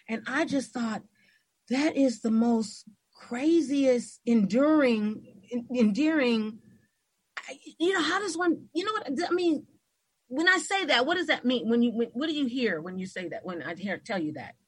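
A woman hosting an interview, telling personal stories in a casual, animated way and acting out the voices of people she quotes. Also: a little high, normal speed, husky. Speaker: host.

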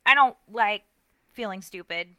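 A middle-aged woman co-hosting a podcast, telling a story in a self-mocking, animated way with lots of restarts and asides. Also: mid-range voice, a little slow, dry recording, poor audio. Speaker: podcast co-host. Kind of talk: casual storytelling chat.

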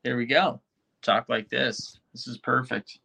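A man's voice: mid-range voice, fairly even intonation, unhurried, gravelly, sharp tone, husky. A young man hosting a livestream, talking to his chat casually and sounding frustrated and restless. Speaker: livestream host.

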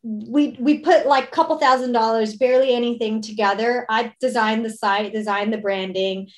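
Chatty New woman, fairly high. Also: steady tone. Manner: fast, enthusiastic, lots of fillers. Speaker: co-founder guest. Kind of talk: casual interview chat.

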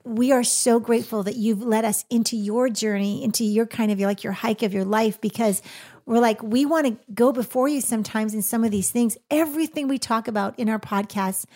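A woman co-hosting a faith podcast, speaking in a warm, affirming and reflective way. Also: on the high side, brisk. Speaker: podcast co-host. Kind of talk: encouraging podcast chat.

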